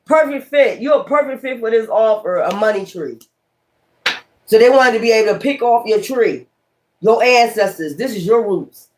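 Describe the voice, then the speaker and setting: A woman's voice: medium pitch, a little mellow. Lady doing a tarot reading, rambly and blunt, swears a lot, keeps repeating words. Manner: repeats key words and phrases. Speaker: tarot reader.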